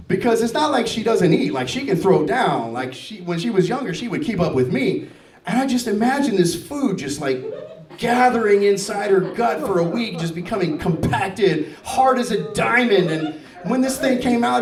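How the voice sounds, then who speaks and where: A man in his fifties performing standup comedy, his voice pitched high and swinging widely as he plays the people in his stories. The sound is echoey, as if picked up from a distance in a large venue. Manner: animated storytelling, acting out family dialogue. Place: stage before a live audience.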